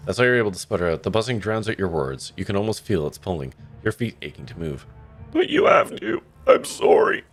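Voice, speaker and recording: A low-voiced man talks fast and barely pauses while livestreaming a story game, with soft music in the background. He reads the narration aloud and reacts with wry asides and swearing, in typical live let's-play style.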